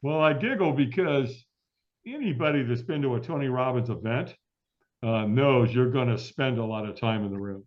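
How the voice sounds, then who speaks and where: A man's voice: mid-range voice, lively intonation, moderate pace. A middle-aged man telling a long story as an interview guest, acting out the voices of the people in it. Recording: dull lo-fi audio.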